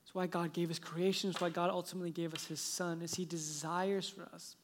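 A man preaching a sermon, telling a story in a lively way that sinks into soft, hushed passages. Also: high-pitched, a little fast, a little hiss or hum. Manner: animated storytelling, dropping to soft hushed tones. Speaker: pastor.

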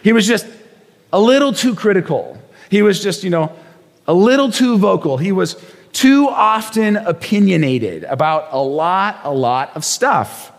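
Male pastor, lively sermon storyteller, slightly high voice, long hall reverb. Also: unhurried. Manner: animated storyteller, acts out quotes.

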